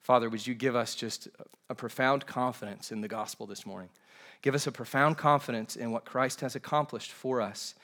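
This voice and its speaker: A male pastor leading a prayer and preaching at a morning church service, with a measured, earnest delivery and frequent repeated words. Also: mid-range voice, fairly even intonation, a bit bright. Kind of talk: sermon with opening prayer.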